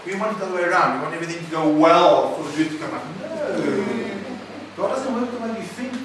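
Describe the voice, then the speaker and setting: A man's voice: high-pitched, lively intonation, quick pace, background noise. A man preaching a sermon, emphatic and often questioning his listeners. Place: recovery centre meeting room. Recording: echoey room, mic at a distance.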